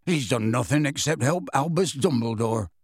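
A man voicing a big, gruff gamekeeper who answers testily and bluntly. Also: on the high side, very animated, unhurried, no room sound, clean studio sound, pitched above the performer's own voice, exaggerated voice. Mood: testy. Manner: testy, scathing, blunt.

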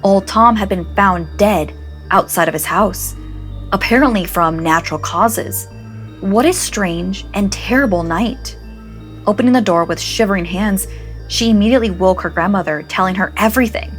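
A woman host narrating a scripted scary story in a hushed, dramatic manner. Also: mid-range voice, moderate pace. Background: faint music.

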